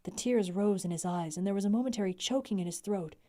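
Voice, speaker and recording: A young adult woman reading a classic novel aloud on a livestream, with an expressive delivery. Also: medium pitch, fast talker. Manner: expressive reading, laughs in chat breaks.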